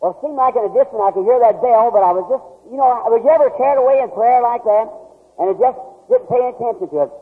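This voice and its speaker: High, husky-voiced preacher, old tape. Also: male voice, fast. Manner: folksy, drawling, rural phrasing. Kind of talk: storytelling sermon. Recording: tinny old lo-fi tape in a hall.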